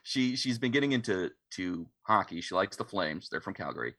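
A man co-hosting a podcast in casual chat, telling things in a laid-back, halting way. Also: low voice, lively intonation, pushed and bright, dry recording, clean studio sound.

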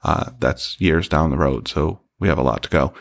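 A middle-aged man with a very low voice hosts his own podcast and tells a personal story casually. He is candid and joking and swears freely. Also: moderate pace, gravelly. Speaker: podcast host.

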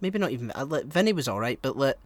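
A man co-hosting a podcast, chatting casually and rambling, with loud outbursts between mumbled asides. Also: mid-range voice, big pitch swings, fast, no echo. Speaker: podcast co-host.

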